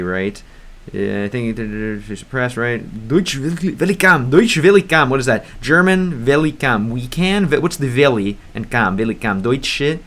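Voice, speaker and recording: A man's voice: medium pitch, a bit bright. American man chatting through a game stream. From United States. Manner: rambling, hesitant, sounds out foreign words. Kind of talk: livestream gameplay chat.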